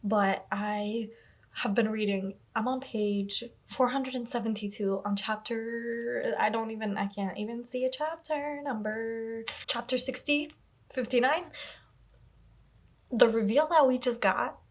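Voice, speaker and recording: A woman's voice: a little high, a little slow. A young woman vlogging about her reading, talking casually and emotionally, exclaiming and gushing, a bit teary. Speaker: book vlogger. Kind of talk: casual reading vlog chat.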